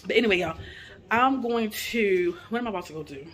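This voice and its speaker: A woman's voice: mid-range voice, expressive, fairly quick. A woman in her forties, a mother, chatting casually to viewers from her home kitchen and calling them y'all. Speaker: vlogger, mother of two. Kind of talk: casual home vlog chat.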